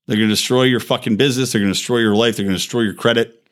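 Male podcast host, mid-pitched voice, heated profane monologue delivery. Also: fairly even intonation, very fast. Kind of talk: ranting monologue.

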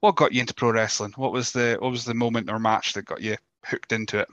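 A man's voice: mid-range voice, fairly even intonation, quick pace, fairly bright tone, dry recording. A man with a northern Scottish accent hosting a podcast, chatty and self-deprecating. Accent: Scottish, northern Scotland. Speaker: podcast host. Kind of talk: casual interview chat.

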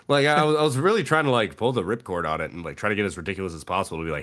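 A man's voice: fairly low pitch, rapid-fire, few pauses, fairly bright tone. A man co-hosting a podcast, telling a funny story in casual chat, laughing often and jumping into quoted voices. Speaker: podcast co-host.

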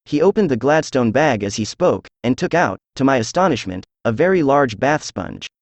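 A synthesized male voice reading a classic detective story aloud, even and measured, with little change between characters. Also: medium pitch, no echo. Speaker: audiobook narrator. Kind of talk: scripted narration.

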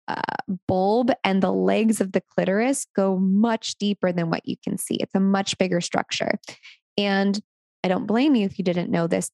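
A woman in her thirties talks candidly and with encouragement, sharing an educator's frank and relaxed voice. Her voice has a gravelly fry running through it, at an ordinary middle pitch. The sound is dry and close, with no room around it. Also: no room sound. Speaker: sex educator.

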